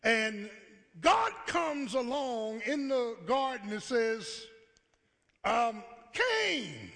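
A pastor preaching a call-and-response sermon, acting out God's voice and rising to shouts. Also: male voice, extremely high pitch, animated, takes it slowly. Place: church sanctuary. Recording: live church hall with long reverb.

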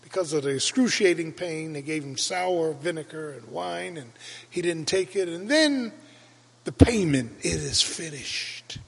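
Husky preaching man in echoing church. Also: a little high, lively intonation, a little slow. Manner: preaching with dramatic rises into shouts. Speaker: pastor. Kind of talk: Easter sermon. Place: church sanctuary. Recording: reverberant church hall.

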